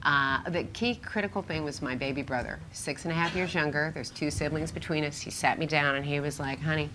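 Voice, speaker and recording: Low-voiced brash middle-aged woman. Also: brisk, background noise. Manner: brash and teasing. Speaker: panel speaker. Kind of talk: personal story on a panel.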